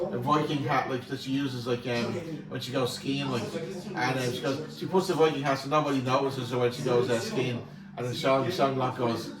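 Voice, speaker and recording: A man in his forties rambles through a casual podcast chat, circling back and repeating himself. He sits a little away from the mic in a roomy, echoing space, with people chattering in the background. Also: medium pitch. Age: 40s. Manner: rambling, repeats words, animated storytelling. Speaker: podcast co-host. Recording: echoey room, mic at a distance.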